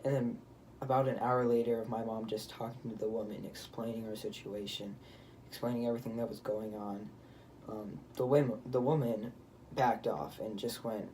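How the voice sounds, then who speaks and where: A man's voice: on the low side, steady tone, moderate pace, warm tone, distant mic, a little hiss or hum. A teenage boy casually telling a story to camera, rambling, with many fillers and restarts. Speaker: vlogger.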